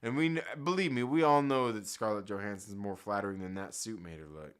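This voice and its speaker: A man with children runs a live stream, reading comments aloud and chatting loosely with viewers. He talks briskly in a smooth, lowish voice, full of profane, slangy humor and frequent laughter.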